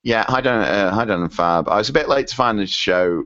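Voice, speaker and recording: A man's voice: on the low side, animated, brisk, fairly bright tone, dry recording. A man in his thirties co-hosting a podcast in casual chat, rambling with lots of ums while he reads listener emails. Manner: rambling, frequent ums and self-corrections. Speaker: podcast co-host. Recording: dull lo-fi dry podcast audio.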